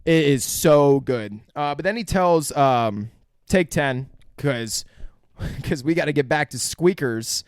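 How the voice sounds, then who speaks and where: A man's voice: on the high side, slow pace, clear, resonant tone, no room sound, studio quality. A man co-hosting a podcast, chatting casually and crudely about a movie, laughing and acting out lines. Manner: profane, laughing, acts out quotes. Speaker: podcast co-host. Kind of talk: casual movie review chat.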